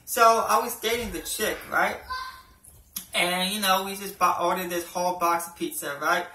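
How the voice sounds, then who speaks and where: A man's voice: high-pitched, steady tone, normal speed, pushed and bright, slight background noise. Rambling young man, echoey and distant. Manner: rambling, peppered with "you know" and "right", swears a lot. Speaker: amateur stand-up comic. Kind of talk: casual stand-up routine. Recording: echoey room, voice from off-mic.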